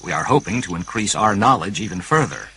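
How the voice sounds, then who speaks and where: A man's voice: fairly low pitch, big pitch swings, a little fast, vocal fry, pushed and bright, slight background noise, voice pushed down, heavily acted, rough recording. A man voicing a puzzled male chief astronomer who explains things earnestly.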